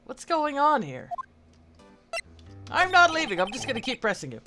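A woman's voice: sits high, wildly swooping pitch, normal speed, voice pushed up. A woman reading the lines of an earnest, pushy young male defense attorney in her own voice. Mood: insistent. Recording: game music in background.

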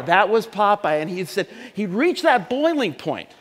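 High-voiced pastor preaching in a reverberant church. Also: male voice, animated, normal speed, a bit bright, a little hiss or hum. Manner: conversational, joking with the congregation. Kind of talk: sermon. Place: church sanctuary. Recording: long hall reverb.

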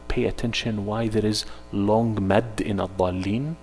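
A man leading an interactive workshop at a mosque, animated, acting out little dialogues and dropping Arabic phrases into his English. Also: on the low side, brisk, big-room sound, faint music behind. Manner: animated, acts out dialogues in put-on voices.

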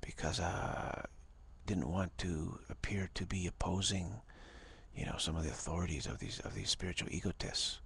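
A man with a deep, very breathy voice gives an informal spiritual talk. He speaks haltingly and restarts his phrases, often sinking to a half-whisper. His voice is heavily gravelly throughout. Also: animated, fairly bright tone, dry recording. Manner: halting, repeats words, drops to a half-whisper. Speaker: spiritual teacher.

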